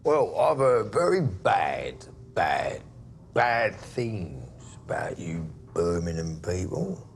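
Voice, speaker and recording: An actor playing a volatile, menacing gangster baker and distiller, with a gravelly, mocking voice that swings from loud to hushed. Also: male voice, on the low side, expressive, measured pace, a little hiss or hum. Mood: scornful. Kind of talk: television crime drama.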